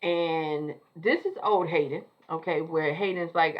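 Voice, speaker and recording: A woman's voice: sits low, unhurried, hardly any pauses, highs cut off. A woman giving a chatty, sassy, slang-filled casual recap of a TV episode. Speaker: show recapper.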